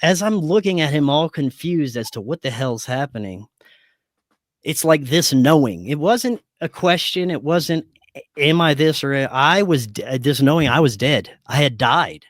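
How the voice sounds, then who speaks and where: A man guest on a podcast, recounting a personal experience in a casual, animated way and acting out the dialogue. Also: on the high side, moderate pace, no room sound, clean studio sound. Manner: animated, acts out quoted dialogue. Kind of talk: casual storytelling.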